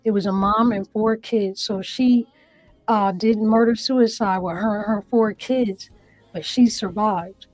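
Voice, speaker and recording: A woman's voice: medium pitch, steady tone, measured pace, a little mellow, no echo, faint music behind, rough recording. Woman comedian as interview guest; earnest, emotional storytelling that reenacts her own words; dry, close sound.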